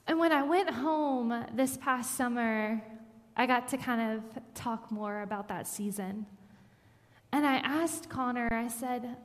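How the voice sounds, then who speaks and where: A woman's voice: on the high side, slow. A woman preaching a sermon, telling a personal story in an earnest way that builds to emphatic scripture reading. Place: church sanctuary. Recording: long hall reverb.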